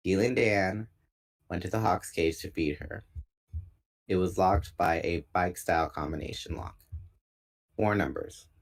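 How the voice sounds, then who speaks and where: A man reading a novel aloud in a relaxed, unpolished way, pausing now and then to correct a slip. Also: deep voice. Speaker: book reader.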